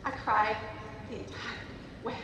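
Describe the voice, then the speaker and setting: Emphatic woman conference speaker, high pitch, heard distantly in a reverberant hall. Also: fairly even intonation, measured pace, vocal fry, background noise. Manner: emphatic, swings from shouting to soft. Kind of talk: motivational speech. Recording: echoey hall, voice from far off.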